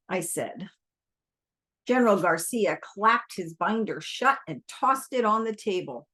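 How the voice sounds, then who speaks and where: A woman reads a novel aloud, her narration calm and measured. She takes her time, with a slow and steady pace. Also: mid-range voice. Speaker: reader. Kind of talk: audiobook reading.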